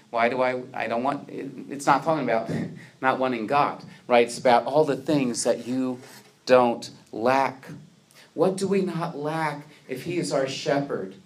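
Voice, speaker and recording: A man's voice: mid-range voice, unhurried. A man preaching a sermon to his congregation, earnest, asking rhetorical questions and building to emphatic peaks. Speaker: pastor.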